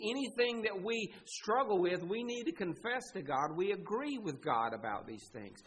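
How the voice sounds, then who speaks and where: A man's voice: high voice, wildly swooping pitch, normal speed, few pauses, low-quality recording. A man preaching a sermon as pastor, earnest and emphatic, pleading with his listeners.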